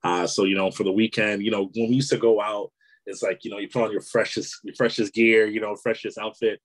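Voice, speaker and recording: A man with a voice on the lower side chats casually as an interview guest. He rambles easily, fills gaps with "you know" and breaks into laughter often. His tone stays relaxed and conversational. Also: fairly quick, low-quality recording. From Canada. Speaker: author and entrepreneur, guest.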